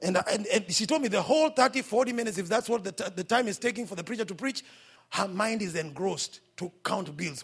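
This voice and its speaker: Man, Kenyan accent, pastor, impassioned sermon, shifts from hushed to shouting, very high voice, husky. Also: expressive, brisk. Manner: impassioned preaching that swings between hushed asides and shouts. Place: church service.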